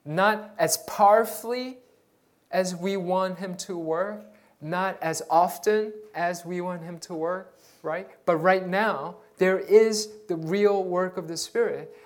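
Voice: medium pitch, takes it slowly. A pastor preaching a sermon, earnest and exhorting, often repeating words while searching for the next phrase.

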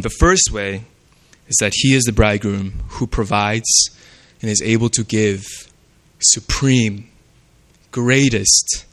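Here a man preaches in a casual, talk-it-through manner, his medium-pitched voice fairly bright in tone. He frequently tosses in "right?" to make sure the congregation is with him.

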